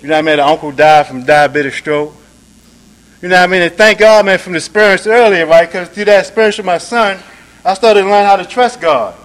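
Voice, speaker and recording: A man giving a personal recovery testimony at a meeting, talking casually and tagging lines with "man" and "right?", now soft and low, now loud and emphatic. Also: brisk, rough recording. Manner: conversational, peppers talk with "man", "right?" and "you dig?"; swings between soft, low passages and louder, emphatic ones. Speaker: speaker sharing at a recovery meeting.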